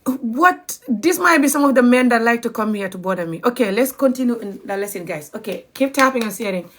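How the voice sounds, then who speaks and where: A woman's voice: a little high, animated, brisk, a bit bright. Chatty woman teaching on a livestream. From Gambia. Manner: chatty, spells words out letter by letter, laughs often. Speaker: language teacher. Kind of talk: live-streamed language lesson.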